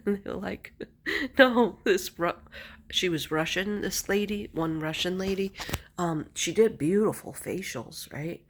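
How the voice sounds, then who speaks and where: Casting: husky, lower-pitched middle-aged woman, rambling chatty vlogger who laughs a lot. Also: measured pace. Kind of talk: casual chat to camera.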